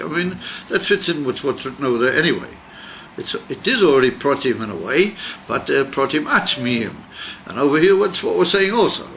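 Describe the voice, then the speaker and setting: A man's voice: on the high side, lively intonation, moderate pace, pushed and bright, a little hiss or hum. A man, a rabbi, teaching a text-study class, explaining and thinking aloud with frequent restarts. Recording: dull lo-fi recording.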